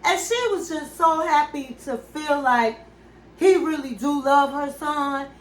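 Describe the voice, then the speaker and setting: A woman's voice: high-pitched, unhurried, roomy sound, poor audio. A woman hosting a casual reality-TV recap, telling the story in a chatty, gossipy way with side comments. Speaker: recap show host.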